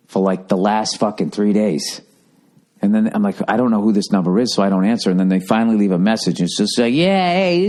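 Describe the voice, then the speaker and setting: A man hosting a podcast, talking casually in a profane, rambling way that jumps between topics. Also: on the low side. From United States. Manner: profane, rambling, animated storytelling. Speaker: podcast host. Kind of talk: casual solo podcast rant.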